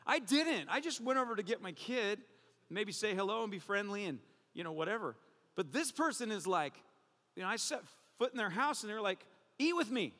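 Pastor, male, high bright voice, lively and joking, preaching in a large echoing church hall. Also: fairly quick. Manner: animated, joking storyteller. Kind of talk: sermon.

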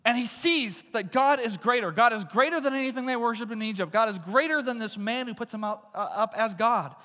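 A man's voice: very high voice, brisk, sharp tone, big-room sound. A man preaching a sermon as pastor, emphatic and repeating lines for stress.

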